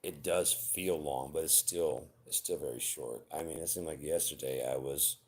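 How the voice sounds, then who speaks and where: A man's voice: extremely low pitch, normal speed. A man in his forties giving blunt, profane, earnest relationship advice in an unscripted personal monologue. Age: 40s. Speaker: vlogger.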